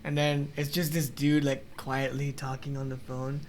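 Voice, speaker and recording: A man's voice: mid-range voice, flat delivery, moderate pace, slight background noise. A young man co-hosting a podcast, chatting casually and mimicking callers while telling stories. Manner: playful storyteller, mimics callers. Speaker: podcast co-host. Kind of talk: casual chat.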